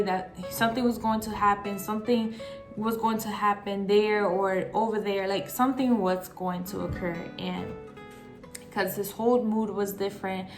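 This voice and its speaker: A young woman telling a personal story in a vlog, halting and emotional, fighting back tears, with many fillers and restarts. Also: mid-range voice. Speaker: vlogger.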